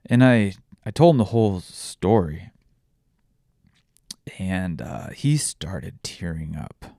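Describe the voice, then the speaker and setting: A father telling a painful personal story while tearful, halting often and restarting his sentences. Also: deep voice, animated, vocal fry, mellow, dry recording, clean studio sound. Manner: halting, with many restarts and pauses. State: tearful, voice breaking. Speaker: vlogger sharing a personal story.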